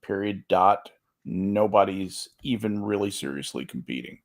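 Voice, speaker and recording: A man on a podcast panel, talking in a halting way with lots of restarts. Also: deep voice, animated, creaky. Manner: halting, many restarts and stammers. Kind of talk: casual chat.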